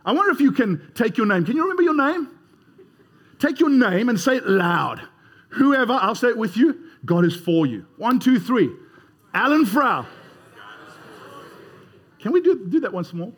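A man's voice: extremely high pitch, big pitch swings, normal speed, pauses often. A man preaching a sermon in a conversational way, leading the congregation in call-and-response. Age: 30s or older.

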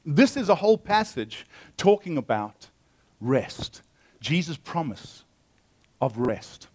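A male pastor delivers a sermon with a booming voice that sits a touch higher than most men's. He reads scripture aloud, then preaches on it earnestly and emphatically, often stumbling over and restarting his words. He is speaking into an amplified church sound system. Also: sing-song, slow pace, a little mellow, breathy edge.

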